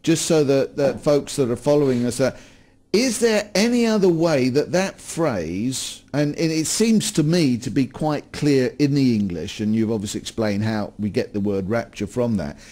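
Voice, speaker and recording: A man's voice: mid-range voice, expressive, normal speed, warm tone. A man hosting a studio conversation on scripture, asking long, rambling questions with many restarts. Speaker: program host.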